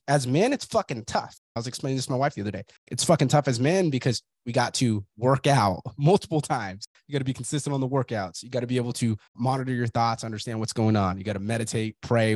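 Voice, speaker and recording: A man's voice: medium pitch, darkish tone, no room sound. A man hosting a podcast, talking in a blunt, profane, motivational way. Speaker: podcast host. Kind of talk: casual podcast chat.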